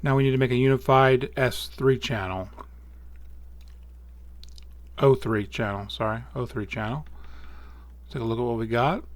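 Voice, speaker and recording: A man hosting an astrophotography tutorial, talking casually through software steps and correcting small slips as he goes. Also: medium pitch, normal speed, long pauses. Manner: relaxed, thinking aloud with small slips and self-corrections. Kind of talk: casual screen-recorded software walkthrough.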